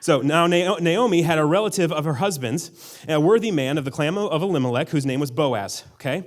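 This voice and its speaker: A man delivers a sermon as a pastor. His voice sits a little higher than most men's. He keeps it relaxed and conversational, often breaking off into side remarks. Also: a little fast. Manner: casual and conversational, with frequent asides.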